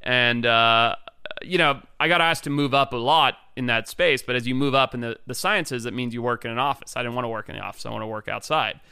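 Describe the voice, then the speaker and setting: Guy from africa telling wild stories, swears a lot, crisp and bright. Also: a little fast, no room sound, clean studio sound. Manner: laid-back, swears, acts out quotes in high voices. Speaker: podcast guest, wildlife biologist. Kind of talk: casual storytelling chat.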